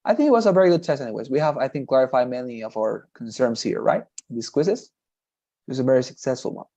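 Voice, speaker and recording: A patient male English teacher gives a one-on-one online lesson, offering repeated praise and slow explanations. His medium-pitched voice has a dark tone, and the recording's highs are cut off.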